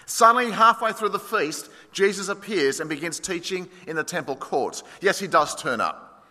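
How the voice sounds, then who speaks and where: A man preaching an expository sermon, storytelling with dramatic swings between loud and hushed delivery. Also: fairly high pitch. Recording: long hall reverb.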